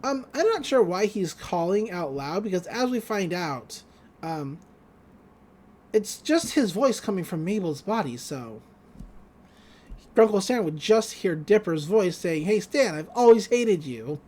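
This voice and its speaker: A woman co-hosting a podcast, retelling a cartoon episode in a chatty, wry way. She laughs often, and her pitch moves around a lot as she tells it. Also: sing-song, unhurried, darkish tone. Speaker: podcast co-host. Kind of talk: casual episode recap.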